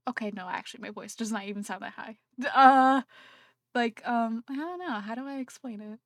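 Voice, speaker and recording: A woman's voice: a little high, a little fast, no echo, clean studio sound. A woman streaming live and chatting casually into her computer microphone, rambling and self-conscious, with lots of fillers and restarts.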